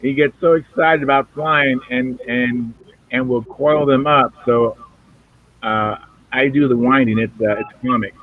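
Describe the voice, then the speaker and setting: A man of middle pitch hosts a relaxed video-call hangout, meandering through his thoughts with plenty of fillers. The audio is narrow and tinny, like a phone line. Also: a little slow. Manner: rambling, filler-heavy. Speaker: host of a hobby video hangout. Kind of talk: casual chat on a video call.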